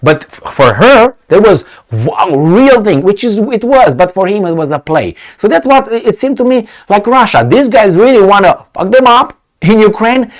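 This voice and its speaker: A man's voice: sits high, sing-song, normal speed. A man giving off-the-cuff political commentary, rambling with restarts and sarcastic asides.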